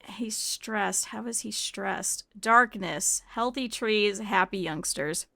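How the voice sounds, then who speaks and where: A woman streamer with a slight lisp, chatting casually and excitedly with viewers while playing a game. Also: mid-range voice, slow, gravelly. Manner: chatty and animated, often laughing. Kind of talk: casual gameplay chat with viewers.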